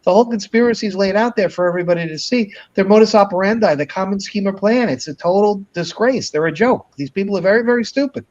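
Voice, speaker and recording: A man's voice: high voice, fast, few pauses, a little mellow, lo-fi sound. A man hosting a livestream, speaking bluntly and repeating words for emphasis. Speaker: host. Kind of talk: livestream commentary.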